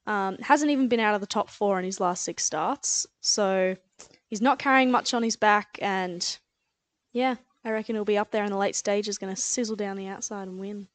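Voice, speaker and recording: A relaxed woman chats through her racing picks and laughs easily. Her voice sits in a middle range for a woman. The recording is close and dry, with no room sound. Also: medium pitch, normal speed, dry recording. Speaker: podcast guest tipster. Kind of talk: casual racing tips chat.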